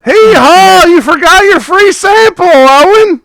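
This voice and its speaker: A man voicing a pushy costumed donkey vendor who brays and shouts his sales pitch in a tabletop game. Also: lively intonation, unhurried, gravelly, crowd noise, full character voice. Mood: braying. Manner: braying shouts of hee haw, pushy sales patter.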